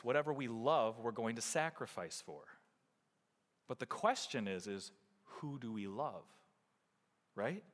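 A man preaching a sermon as pastor, swinging from loud emphasis down to quiet, close remarks. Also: medium pitch, in a large hall. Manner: expressive preaching, rising and dropping to near quiet.

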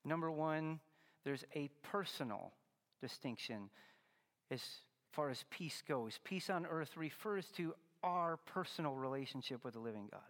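A man's voice: fairly high pitch, animated, measured pace, fairly bright tone, in a large hall. A man preaching a Christmas sermon, earnest and teaching, pressing hard on key words. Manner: earnest, teaching, rising to emphatic stresses. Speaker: pastor.

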